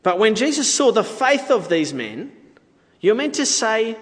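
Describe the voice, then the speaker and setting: A man's voice: high voice, big pitch swings, normal speed, long reverb tail. A man preaching a sermon in a conversational, playful way, with asides to the audience.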